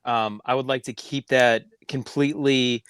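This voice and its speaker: A man's voice: mid-range voice, steady tone, moderate pace, a bit bright, smooth, dry recording. A man co-hosting a casual sports podcast, rambling with lots of filler words. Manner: rambling, full of "like" and "you know". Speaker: podcast co-host.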